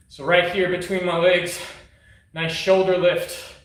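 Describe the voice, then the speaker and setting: A man's voice: sits high, flat delivery, measured pace, reverberant. A man streaming a casual live workout, mixing hyped, joking, profane chatter with soothing exercise cues. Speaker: fitness streamer.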